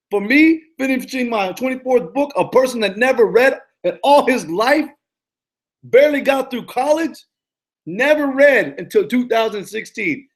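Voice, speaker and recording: A man in his thirties, a life coach giving a casual, energetic motivational talk that repeats its points and often stumbles and restarts. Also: sits high. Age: 30s. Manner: energetic, repetitive, preachy pep talk.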